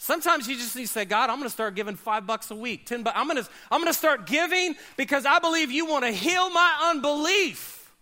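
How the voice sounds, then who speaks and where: High bright-voiced preaching man. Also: animated, fairly quick. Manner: dynamic preaching, swinging between loud high bursts and low quiet asides. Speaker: pastor. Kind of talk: sermon.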